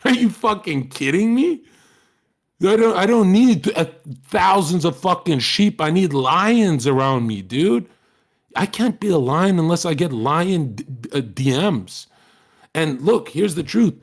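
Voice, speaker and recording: A man's voice: on the high side, animated, unhurried, creaky. A man livestreaming an angry, lecturing rant that is heavy with profanity and aimed at his chat.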